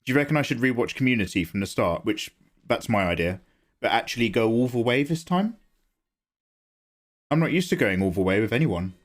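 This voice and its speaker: A young man talks casually while drawing live at home, his voice sitting at an ordinary middle pitch. He drifts between tangents and rambling anecdotes, breaking into laughter often, close to a desk microphone. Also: expressive, a little fast, pauses often. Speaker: livestream artist.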